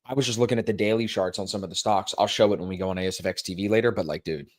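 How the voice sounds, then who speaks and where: Chatty young man telling stories. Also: fairly low pitch. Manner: animated storyteller, self-mocking, quick promo patter. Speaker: co-host. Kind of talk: casual chat, plugging a stream.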